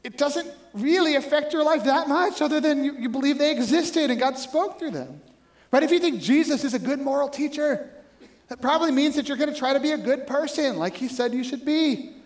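Male pastor, very high voice, casual storytelling sermon. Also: brisk. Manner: conversational, animated storytelling with frequent "right?".

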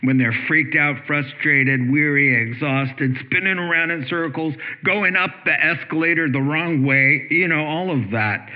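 Man, pastor, conversational sermon, rhetorical questions, somewhat high voice, thin phone-line sound. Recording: tinny phone-like sermon audio.

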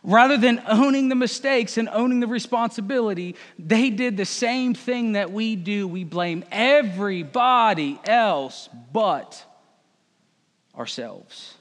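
Male pastor, relaxed sermon with wry jokes, high voice, reverberant hall. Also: unhurried. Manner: conversational, joking asides.

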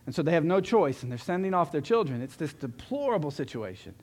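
A man preaching a sermon as a pastor, earnest, often swelling louder and then dropping low for emphasis. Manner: earnest, rises and drops in loudness for emphasis.

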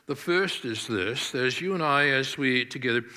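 A pastor delivering a sermon in a deliberate, emphatic manner, stressing key words. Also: male voice, mid-range voice, sharp tone, long reverb tail.

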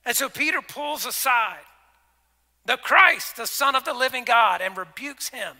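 A man preaching a sermon as pastor, conversational, acting out scripture dialogue and dropping to soft, intimate tones. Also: very high-pitched, animated, measured pace, vocal fry. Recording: long reverb of a large hall.

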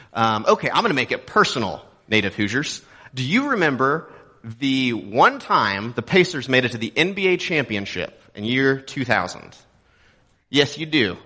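A man's voice: mid-range voice, pushed and bright. A young adult man from Texas preaching a sermon as a pastor, in a conversational, joking way with rhetorical questions. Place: church auditorium.

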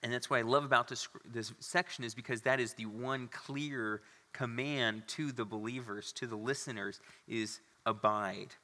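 A man's voice: medium pitch, fairly even intonation, moderate pace, sharp tone. Man preaching in a reverberant hall. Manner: conversational preaching with fillers and restarts, reads scripture aloud. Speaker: pastor. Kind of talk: sermon. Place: church sanctuary. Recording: long reverb of a church hall.

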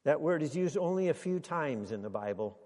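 A man preaching a sermon to a congregation, speaking deliberately and building to emphatic exclamations. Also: on the high side, expressive, a little mellow, in a large hall. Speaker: pastor.

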